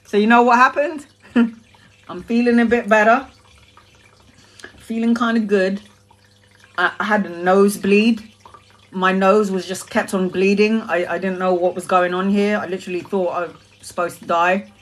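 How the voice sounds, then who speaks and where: A woman from Brazil, a tarot reader, telling a story on a live stream with a lively, laughing and swearing manner. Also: medium pitch, normal speed, pauses often.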